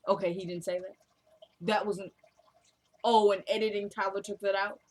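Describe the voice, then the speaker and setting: A woman's voice: medium pitch, little pitch movement, moderate pace. A woman chatting casually as she recaps a TV episode, joking around and acting out the characters' lines. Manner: chatty, jokey, acts out lines from the show.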